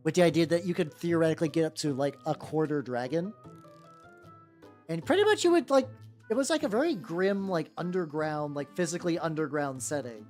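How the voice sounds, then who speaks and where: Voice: medium pitch, animated, a little fast, a little mellow, faint music behind. A streamer chatting casually while painting miniatures, rambling with lots of "like" fillers and restarts, answering chat as they go.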